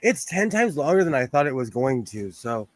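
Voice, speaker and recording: A man's voice: medium pitch, big pitch swings, moderate pace, no room sound. A young adult man chatting casually on a livestream from his home sewing room, rambling through asides and laughing often. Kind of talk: casual live-stream chat. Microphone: phone close by.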